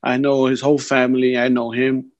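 A young man telling a story on a casual podcast, animated and slangy, always saying "bro". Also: medium pitch, brisk. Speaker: podcast guest. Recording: dull lo-fi sound.

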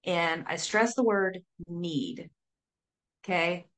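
A woman talking casually as a sober coach guest, lively, full of fillers and acted-out quotes. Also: fairly low pitch, unhurried. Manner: animated, says "like" often, acts out quotes. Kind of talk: casual interview talk.

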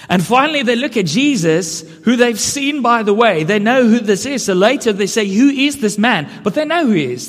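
A man preaching a sermon, earnest and building to emphatic questions. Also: high-pitched. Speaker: pastor. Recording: long hall reverb.

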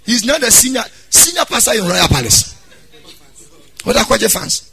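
Hoarse preaching pastor, high and bright. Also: male voice, big pitch swings, moderate pace. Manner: preaching with sudden loud exhortations and sung phrases. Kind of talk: sermon.

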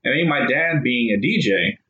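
A man's voice: mid-range voice, expressive, normal speed, pushed and bright, a little hiss or hum. Man chatting in an echoey room. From rural Texas, USA. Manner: rambling, storytelling, frequent "right?" tag questions. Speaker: co-host talking with his wife. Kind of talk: casual chat. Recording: echoey, slightly dull room sound.

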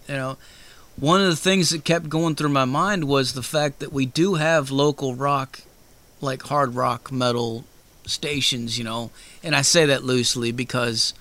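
Rambling, profane host. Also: male voice, mid-range voice, fairly bright tone. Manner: loose, profane, rambling with many fillers. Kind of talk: casual interview chat.

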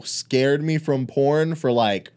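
A man's voice: medium pitch, slow pace, a little mellow. A man co-hosting a podcast in casual chat, loose and profane, teasing his co-host.

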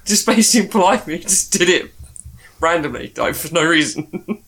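Bright, higher-voiced chatty man. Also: measured pace, pauses often, husky. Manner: animated, laughs while telling stories. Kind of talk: casual podcast chat.

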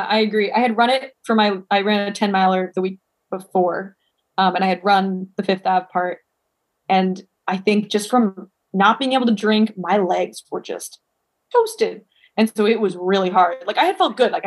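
A woman's voice: mid-range voice, normal speed. A woman guest chatting candidly and casually, often saying "like". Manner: candid, laughs easily, says "like" often. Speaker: guest runner. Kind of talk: casual chat.

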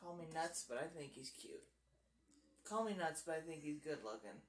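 A woman's voice: low-pitched, expressive, normal speed, a little hiss or hum. A woman in her thirties co-hosting a podcast in casual chat, blunt and insistent, teasing her co-host. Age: 30s.

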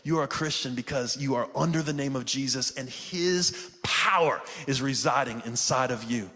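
A man's voice: mid-range voice, moderate pace, pushed and bright. Fervent preacher man in an echoing hall. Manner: fervent, calls out to the congregation, often says "man". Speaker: pastor. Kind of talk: sermon. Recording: reverberant hall sound.

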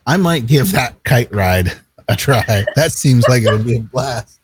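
A man's voice: medium pitch, animated, a little slow, slightly rough. A man co-hosting a casual chat show, talking in an easygoing, rambling way and laughing often. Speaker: co-host.

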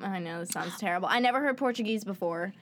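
A woman's voice: medium pitch, quick pace, a bit bright. A woman in casual podcast chat, bubbly and self-mocking, laughing easily.

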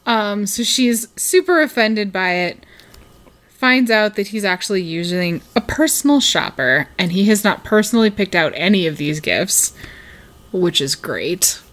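Woman cohost recapping a show, slow talker, voice bounces around a lot. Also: medium pitch, expressive, a bit bright. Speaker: podcast co-host. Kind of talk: casual chat.

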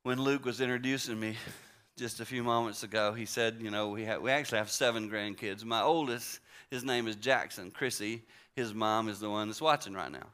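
A man in his sixties preaching a story-driven sermon in a conversational way, moving between hushed and emphatic. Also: fairly low pitch, fairly quick, clear, resonant tone. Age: 60s.

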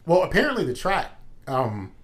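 Male co-host, casual banter, animated delivery, slightly high pitch. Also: moderate pace, crowd noise. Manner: animated, joking storyteller. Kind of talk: casual chat.

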